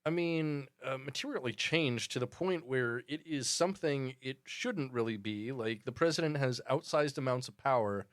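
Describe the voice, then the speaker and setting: A man's voice: mid-range voice, moderate pace, hardly any pauses, dry recording, studio quality. A man co-hosting a podcast in casual chat, wry and swearing, who explains things at length. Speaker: podcast co-host.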